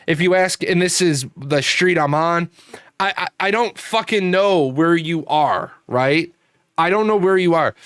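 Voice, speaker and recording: A man's voice: on the high side, fairly bright tone, clear, resonant tone, dry recording, studio quality. A man hosting a livestream, telling a rambling, profane story with many restarts. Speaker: host. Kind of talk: casual livestream chat.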